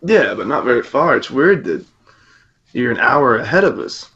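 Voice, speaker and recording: A man's voice: mid-range voice, big pitch swings, moderate pace, fairly bright tone. Laughing young man, muffled call audio. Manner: laughs a lot, loose and joking. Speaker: podcast co-host. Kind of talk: casual chat over a video call.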